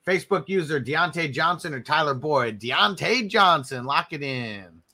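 A man hosting a casual live stream, answering viewers and giving hyped shout-outs. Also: fairly high pitch, lively intonation, normal speed. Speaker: livestream host.

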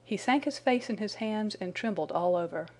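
Woman reading a detective story out loud, mid-pitch, even and measured, audiobook narration. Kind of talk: scripted narration.

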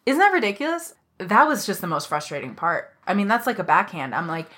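Swearing a lot, a young woman gets fired up and animated recounting something from work on a laid-back podcast. She speaks briskly in a mid-range voice.

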